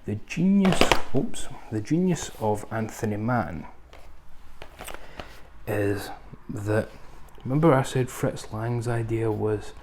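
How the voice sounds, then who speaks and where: Low, gravelly man chatting about films. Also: takes it slowly, noisy background. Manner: rambling, conversational, frequent ums and asides. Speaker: film reviewer. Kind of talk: casual film review chat.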